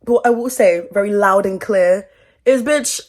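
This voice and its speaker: A woman's voice: medium pitch, moderate pace, a little mellow. A British woman chatting sassily in a get-ready-with-me commentary from her bedroom, laughing often and using slang. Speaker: commentary YouTuber.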